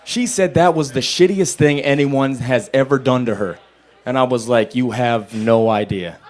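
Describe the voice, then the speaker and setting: A young man on a small bar stage at an open mic, talking into a handheld mic. He tells his stand-up stories flatly and deadpan at a mid pitch, then jumps into loud, high voices for the people he quotes. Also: moderate pace. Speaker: stand-up comedian. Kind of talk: stand-up comedy set.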